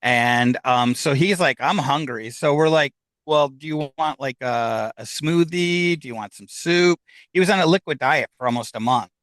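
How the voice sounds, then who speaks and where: A man's voice: mid-range voice, normal speed, a bit bright, no room sound. A man telling a personal story in casual conversation, acting out the voices of the people in it. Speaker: guest.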